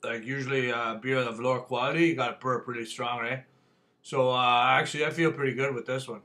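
A man's voice: medium pitch, steady tone, a little fast, pushed and bright. A man reviewing a beer on his channel, talking casually in a rambling, folksy way, full of fillers and "eh".

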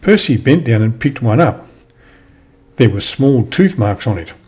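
A man reading a children's story aloud in an expressive storytelling manner. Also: mid-range voice, a little slow, breathy edge. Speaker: storybook reader.

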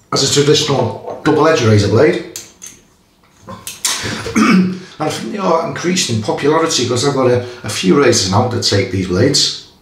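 A man with a Merseyside accent chats his way through a shaving demo, halting and self-mocking as he goes. His mid-pitched voice sits back from the mic and bounces around a roomy space. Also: a bit bright. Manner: rambling, self-deprecating, halting with fillers. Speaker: shaving channel host. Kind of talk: casual product demo vlog. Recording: roomy echo from a distant mic.

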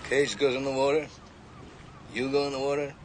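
An actor plays a wry man explaining things with a joking edge in a film scene. His voice sits in an ordinary middle range, and steady background noise runs under it. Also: mid-range voice, brisk, close to an everyday voice. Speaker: film character.

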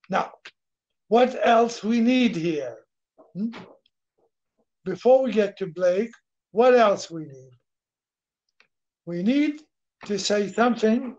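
A man with a high voice gives a slow classroom lecture on literature. He repeats words as he goes and asks questions that he answers himself. The recording sounds dull and lo-fi. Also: expressive, darkish tone. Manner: switches into Arabic briefly.

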